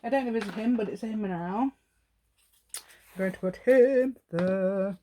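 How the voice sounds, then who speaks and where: A woman's voice: medium pitch, a little slow, mellow. A woman giving a chatty craft demonstration at home, rambling and talking to herself while she works.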